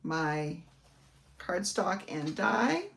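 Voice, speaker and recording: A woman's voice: fairly low pitch, very animated, very slow, creaky, a bit bright, distant mic. A woman hosting a live card-making demonstration, chatting in a friendly, rambling way and thinking aloud as she works. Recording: echoey room, voice set back from the mic.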